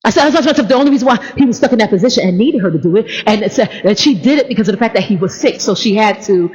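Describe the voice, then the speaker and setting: A woman preacher giving a sermon, playful and animated, with stammering restarts. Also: mid-range voice, very fast, slightly rough. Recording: dull, echoey hall recording.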